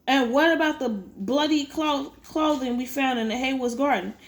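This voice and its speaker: A woman's voice: sits high, normal speed. A woman reading a novel aloud, often stumbling and rereading words. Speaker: audiobook reader.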